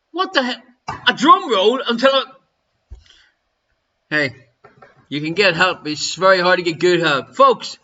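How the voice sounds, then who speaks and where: A man's voice: high-pitched, sharp tone, dull audio. An Irish man hosting a live quiz from his home, reading questions and teasing viewers with jokey banter. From Ireland. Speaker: quiz host. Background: faint music.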